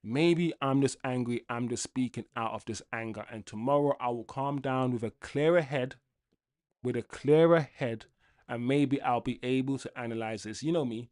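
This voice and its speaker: A man's voice: mid-range voice, normal speed. A young man hosts a fan livestream and rants angrily to his chat in a casual way. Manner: angry, ranting, lively with laughs.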